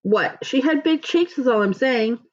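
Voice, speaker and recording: A woman's voice: high-pitched, lively intonation, moderate pace, voice pushed up. A woman reading a storybook aloud, voicing a playful, joking father in an upbeat way, on a dull lo-fi recording. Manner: jokey, upbeat.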